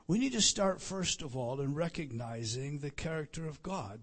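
A middle-aged man preaching a sermon, repeating phrases for emphasis and swinging from loud declarations to soft asides. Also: a little high, lively intonation, moderate pace. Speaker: pastor.

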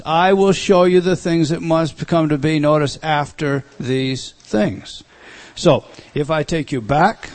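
A middle-aged man teaching a Bible study, speaking slowly and deliberately and repeating words for emphasis. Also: a little high.

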